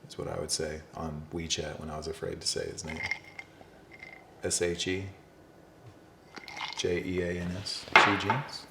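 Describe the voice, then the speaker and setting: Very deep-voiced man, dry and teasing. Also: little pitch movement, moderate pace, creaky, long pauses. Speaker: podcast co-host. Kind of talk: casual comedic chat. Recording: noisy with clicks.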